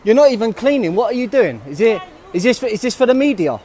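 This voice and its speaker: A man's voice: extremely high pitch, sing-song, fast talker, a little mellow. A British man confronting people on the street, firing the same questions again and again. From United Kingdom. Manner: confrontational, repeats his questions. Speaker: passer-by filming.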